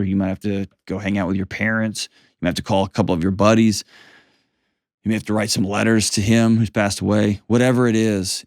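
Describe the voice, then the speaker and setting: A man's voice: lowish voice, no room sound, studio quality. A man hosting a call-in advice show, talking in an earnest, coaching way and often repeating his phrases. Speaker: host giving advice.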